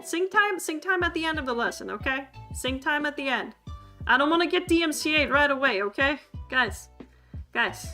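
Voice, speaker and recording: A giggly woman with a high, bright, forceful voice teaches a language class on a livestream. She's from Sweden and a native Swedish speaker, laughing often and chatting playfully with her chat.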